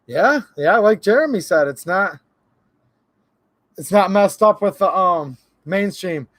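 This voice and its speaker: Jokey male streamer chatting with viewers; high, gravelly tone, recorded dry. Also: lively intonation, slow pace, pauses often, fairly bright tone, dry recording. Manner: laughs a lot, reads chat aloud, jokey. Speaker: livestream host. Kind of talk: casual live-stream chat.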